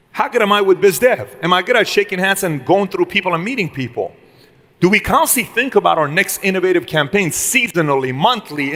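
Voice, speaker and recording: A man's voice: fairly high pitch, fairly bright tone. A man giving an emphatic motivational business talk to a live audience, asking the room questions and acting out conversations. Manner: emphatic, asks the room questions, acts out dialogues. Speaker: business speaker.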